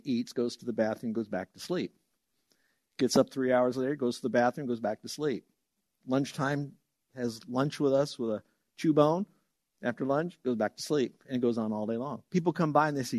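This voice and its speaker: A man preaching a sermon as a pastor, telling stories with lively acted-out voices. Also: mid-range voice, brisk, no room sound. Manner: animated storytelling, acts out voices loudly.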